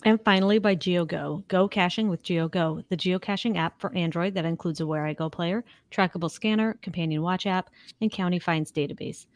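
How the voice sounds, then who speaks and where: A woman reading sponsor spots on a podcast in an upbeat, clear manner. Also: fairly low pitch, a little fast, dry recording. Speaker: podcast co-host. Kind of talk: sponsor ad reads.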